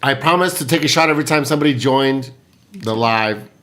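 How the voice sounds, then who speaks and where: A man's voice: mid-range voice, brisk, a bit bright. Man, podcast host, casual chat, tipsy, laughing, playful. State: tipsy from vodka shots.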